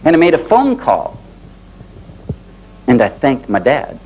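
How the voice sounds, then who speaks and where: Lively storytelling man in his forties. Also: medium pitch, measured pace, a little hiss or hum, rough recording. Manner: animated storytelling, acting out dialogue with rising excitement. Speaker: motivational speaker. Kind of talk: live motivational talk with personal stories. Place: in front of a live audience.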